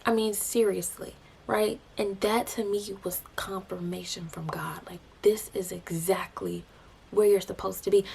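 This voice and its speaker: A young woman telling a personal faith testimony, emotional and animated, dropping into breathy hushed asides. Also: mid-range voice, unhurried. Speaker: vlogger sharing a faith testimony.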